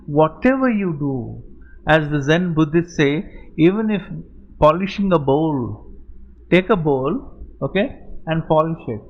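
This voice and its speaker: Animated man lecturing. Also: on the high side, a little slow, long pauses. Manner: animated storytelling, acting out quotes. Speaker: guest speaker to medical students. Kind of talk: lecture-style talk answering a question. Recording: muffled lo-fi audio.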